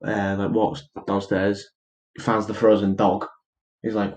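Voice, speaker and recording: Low-voiced man rambling through a film plot. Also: flat delivery, a little slow, darkish tone, rough recording. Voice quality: rambling with many fillers and restarts. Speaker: podcast co-host. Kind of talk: casual chat, retelling a film plot.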